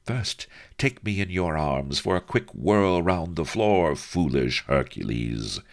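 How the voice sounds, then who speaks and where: Storybook seductress, soft husky purr, slow and sly, gravelly low, as a male narrator puts her on. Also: animated, heavily acted. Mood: coy.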